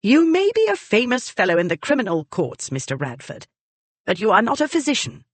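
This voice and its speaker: A woman's voice: a little high, huge pitch swings, brisk, no echo, voice pushed up. A narrator voicing a haughty, scornful elderly aristocratic woman, the heroine's great-aunt, in a storybook reading.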